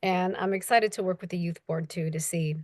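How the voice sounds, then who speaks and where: A woman's voice: a little fast, a crowd in the background. A young woman, an audiobook narrator, chatting casually as an interview guest and acting out quoted voices. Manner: animated, acts out quoted voices with big pitch jumps.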